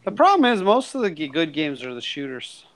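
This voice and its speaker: A man's voice: fairly high pitch, sing-song, a little fast, fairly bright tone, dry recording, low-quality recording. A man chatting casually on a podcast, blunt and joking, swearing freely.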